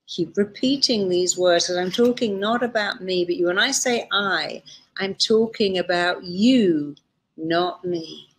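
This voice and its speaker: A woman therapist guiding listeners through a session of spoken affirmations, with slow, emphatic repetition. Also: fairly low pitch. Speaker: therapist leading a guided exercise.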